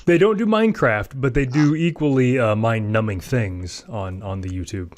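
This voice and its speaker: A man's voice: mid-range voice, normal speed, a little mellow. A man hosting a tech podcast, chatting casually in a joking, self-mocking way with plenty of fillers. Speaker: podcast host.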